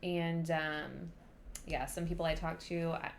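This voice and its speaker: A woman co-hosting a book club podcast in casual chat, chatty and self-deprecating, talking in quick bursts. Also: low voice, fairly even intonation, slight background noise. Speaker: podcast co-host.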